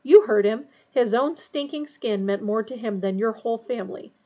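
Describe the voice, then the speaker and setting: Fierce snarling male wizard read by a woman, husky and gravelly, dull lo-fi sound. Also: fairly high pitch, moderate pace, natural voice. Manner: snarling, harsh. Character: adult male wizard, fierce escaped prisoner.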